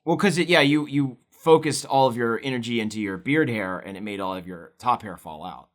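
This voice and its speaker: A man's voice: mid-range voice, fairly quick. Young man, co-host, casual chat, rambling, playful, laughs a lot. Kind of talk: casual chat while drawing.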